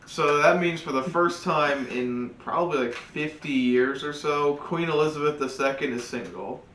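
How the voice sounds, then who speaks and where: A man's voice: moderate pace, a bit bright. A man co-hosting a podcast in a loose, joking casual chat, swearing now and then. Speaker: podcast co-host. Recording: echoey room, far from the mic, faint rumble.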